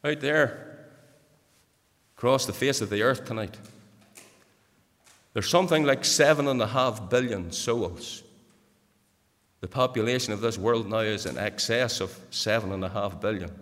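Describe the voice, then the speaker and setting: A man delivers a sermon in a church, speaking to the congregation directly. His earnest voice climbs to emphatic peaks and then sinks into hushed pleas. It all rings out with a long reverb off the hall. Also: mid-range voice. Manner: repeatedly addresses the congregation directly. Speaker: preacher.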